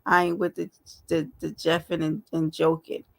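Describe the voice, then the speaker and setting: A woman's voice: deep voice, level tone, normal speed, vocal fry. A woman hosting a casual live stream, talking straight to her viewers in a chatty, affectionate way. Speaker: livestream host.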